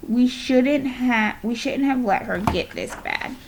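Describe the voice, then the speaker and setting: A woman's voice: on the high side, slow, gravelly, noisy background. A woman teacher voicing a teenage older sister who explains, soothes and is a little impatient, in a read-aloud of a children's novel. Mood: upset. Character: teenage girl, older sister, tearful but comforting.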